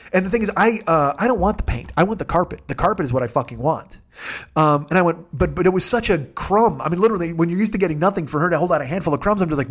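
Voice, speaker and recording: A man's voice: a little high, fast talker. A middle-aged man hosting a comedy podcast, ranting through a long profane story with self-mocking asides.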